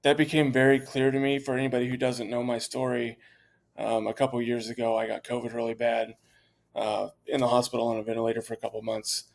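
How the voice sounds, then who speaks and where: A franchise owner talks through his business as a guest on a podcast. He sounds confident and conversational, with plenty of ums and false starts. It is a plain male voice at an ordinary pitch. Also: flat delivery, quick pace, vocal fry. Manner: conversational, with frequent fillers and restarts. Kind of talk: candid interview talk.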